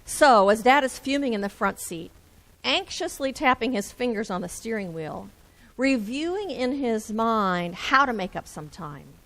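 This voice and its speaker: A woman minister delivers a reflective sermon in gentle, repeated phrases. Her voice sits fairly high. She speaks slowly and deliberately. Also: expressive, low-quality recording.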